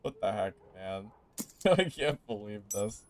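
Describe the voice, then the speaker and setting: A young man commenting casually while playing a game, swinging between loud laughing disbelief and low exasperated muttering. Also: lively intonation, a little slow, a little hiss or hum. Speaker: game streamer.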